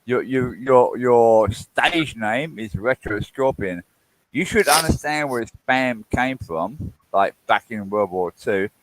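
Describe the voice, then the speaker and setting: A man's voice: medium pitch, lively intonation, takes it slowly, dry recording, rough recording. A man co-hosting a casual livestream chat, teasing and stammering with repeated words.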